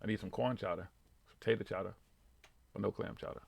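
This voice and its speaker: A man's voice: on the low side, quick pace, vocal fry, slight background noise. A man with a Boston accent hosting a live radio talk show, chatting casually, swearing a lot and laughing often. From Boston area. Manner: profane, animated, laughing often.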